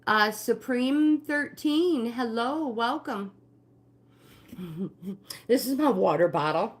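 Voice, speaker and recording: A woman's voice: on the high side, lively intonation, slow pace. An older woman leading a live-streamed walking workout, giving friendly exercise cues and greeting viewers by name. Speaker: fitness instructor and livestream host.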